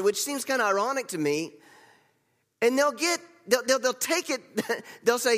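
A man's voice: very high voice, very animated, moderate pace, a bit bright. A male pastor giving a conversational sermon, repeating phrases for emphasis. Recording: long reverb of a large hall.

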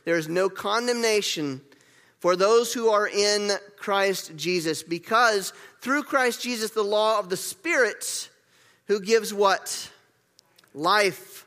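A pastor preaches a lively sermon in a high, bright voice, repeating key words and leading his congregation in gestures and call-and-response. The church hall around him adds a long reverb to the sound.

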